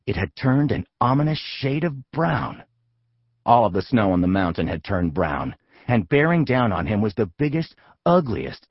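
Lively husky male audiobook narrator. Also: fairly low pitch, no room sound, dull audio. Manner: lively, playful storytelling. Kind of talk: comic kids' audiobook narration.

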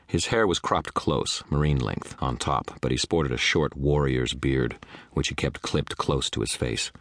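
Deep gravelly male audiobook narrator. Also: unhurried, a bit bright, no echo. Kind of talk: first-person hard-boiled audiobook narration. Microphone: close studio mic.

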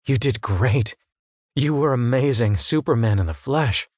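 A man voicing a gentle, comforting grown man who stays calm under pressure and speaks softly. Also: medium pitch, unhurried, no echo, clean studio sound, natural voice. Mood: soothing. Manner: soft and soothing.

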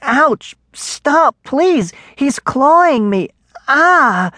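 A man's voice: high voice, sing-song, unhurried, dry recording, voice pushed up, exaggerated voice. A man voicing a frantic young boy, breathless and pleading to protect his pet dragon. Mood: panicked.

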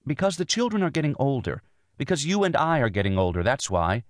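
A man's voice: medium pitch, big pitch swings, brisk, no room sound, studio quality, voice pushed up, natural voice. A man narrating an audiobook voices a tense young wife and mother, earnest and insistent as she pleads her case. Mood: earnest, pleading. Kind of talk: audiobook dialogue.

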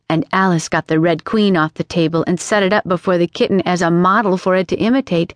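A woman narrating an audiobook in a measured, gently expressive way. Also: fairly low pitch, no room sound. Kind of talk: scripted narration. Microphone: studio microphone. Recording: dry studio sound.

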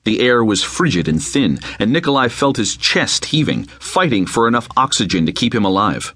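A man reading an unabridged novel aloud, with measured, dramatic storytelling into a close mic. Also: fairly low pitch, expressive, a bit bright, no room sound. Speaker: audiobook narrator. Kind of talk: scripted narration.

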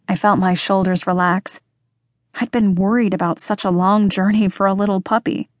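A woman's voice: medium pitch, no room sound. Woman narrating a mystery audiobook, dry close sound. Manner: measured, expressive reading. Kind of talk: first-person audiobook narration.

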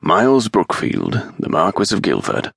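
A man voicing a solemn, courteous young marquis with a gravelly voice, in an audiobook. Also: deep voice, huge pitch swings, unhurried, a bit bright, no echo, studio quality, exaggerated voice. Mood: courtly.

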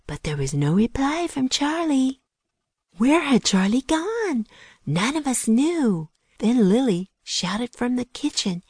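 A woman narrating a children's audiobook with lively storytelling and hushed whispers at tense moments. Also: sits high, measured pace, no room sound, studio quality.

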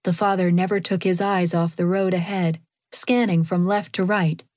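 A woman reading an audiobook in a steady, clear narrating voice, recorded on a close studio mic. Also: lowish voice, normal speed, dry recording. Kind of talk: scripted narration.

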